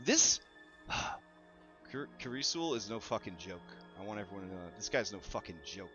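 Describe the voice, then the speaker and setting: A man's voice: lowish voice, normal speed, pushed and bright. A young man streaming casually, telling a story with lots of laughter and swearing. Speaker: VTuber streamer. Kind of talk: casual live-stream chat. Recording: slightly dull stream audio with music.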